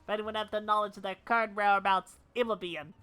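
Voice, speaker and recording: A woman voicing a nervous, worried male cook's assistant in a video game, speaking lower and softer than her own voice. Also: steady tone, quick pace, smooth, natural voice. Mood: fretful.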